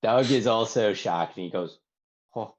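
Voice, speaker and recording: A man's voice: medium pitch, lively intonation, fairly quick, dull audio. A man playing a tabletop role-playing game, rambling loosely and filling his talk with "like". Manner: rambling, full of "like". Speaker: player.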